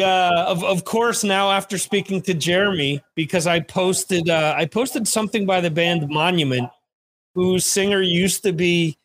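Man, podcast host, high voice, halting restarts, faint background noise. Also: fairly bright tone. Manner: stammering restarts, many ums. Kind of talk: casual chat.

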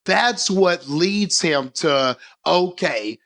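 Animated rambling man with a high voice. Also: unhurried. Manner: animated, rambling, swears casually. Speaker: podcast co-host. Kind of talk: casual movie discussion.

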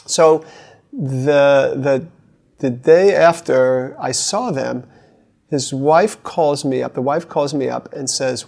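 A man's voice: mid-range voice, takes it slowly, creaky. A middle-aged man, a therapist, telling a client story in casual talk and animatedly acting out the people in it. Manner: animated, slips into the voices of the people in his stories.

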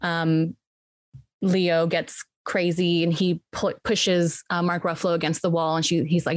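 A woman on a podcast casually retelling a film's plot, acting out the characters' lines with sudden pitch jumps. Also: a little slow, no echo. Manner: animated storytelling, acting out quotes with jumps in pitch. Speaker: podcast co-host recapping a film.

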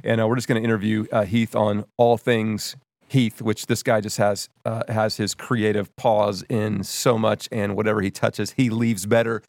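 A man's voice: fairly low pitch, level tone, moderate pace, darkish tone, dry recording. Man, podcast co-host, has covid, chatty, laughs a lot, dry close mic. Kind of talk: casual podcast chat.

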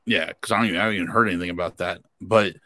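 A man co-hosting a casual podcast, relaxed and easygoing, often chiming in with agreement. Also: low voice, very fast, no room sound, clean studio sound. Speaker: podcast co-host. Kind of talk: casual chat.

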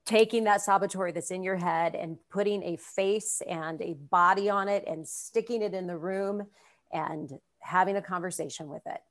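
Thoughtful, low-voiced woman coach. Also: fairly even intonation, normal speed. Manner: thoughtful and encouraging. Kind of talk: casual conversation.

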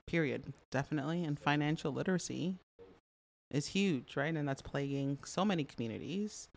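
A woman's voice: extremely low pitch, gravelly. A middle-aged woman from Canada chatting as an interview guest, telling stories with lots of fillers and laughs. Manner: animated storyteller, frequent fillers, laughs often. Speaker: podcast guest. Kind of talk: casual interview chat.

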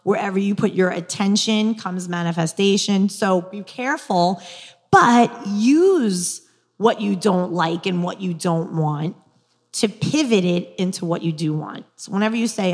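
A woman's voice: medium pitch, moderate pace, long reverb tail. Chatty New York woman in her forties. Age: 40s. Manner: lively, chatty, laughing, frank and crass. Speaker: guest speaker on dating and manifestation. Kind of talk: casual storytelling, coaching talk.

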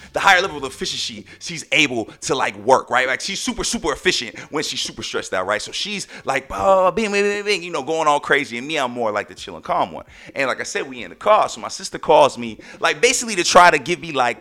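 Lively young podcast host telling a story. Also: male voice, mid-range voice. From Texas. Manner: animated, talks in loose slang with lots of "like" and "right?". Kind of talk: casual storytelling.

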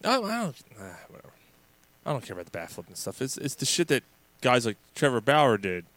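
A man co-hosting a casual sports podcast, telling stories in an animated, profane way with many restarts. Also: medium pitch, fairly quick, no room sound. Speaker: podcast co-host.

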